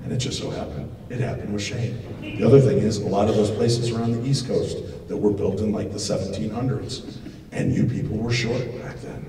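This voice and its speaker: A middle-aged man with a fairly low voice tells joking stories to a crowd, bursting out loud now and then. He sounds distant and roomy, picked up in a big echoing hall with a clear wash of noise behind him. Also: brisk. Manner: animated, joking, acts out quotes with loud outbursts. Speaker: paranormal TV host giving a lecture. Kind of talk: storytelling talk to a live audience. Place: large expo hall. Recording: echoey hall, distant mic, noisy.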